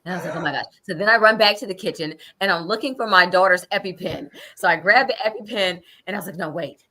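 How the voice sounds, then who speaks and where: A woman's voice: mid-range voice, fast, bright, forceful tone. A middle-aged woman casually telling an anecdote, animatedly acting out her own quoted thoughts. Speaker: guest storyteller.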